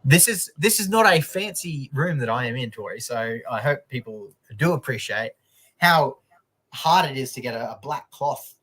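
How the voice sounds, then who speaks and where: A man's voice: medium pitch, lively intonation, normal speed, a bit bright, breathy edge. A man with an Australian accent, co-hosting a news comedy livestream in casual chat, joking and swearing freely.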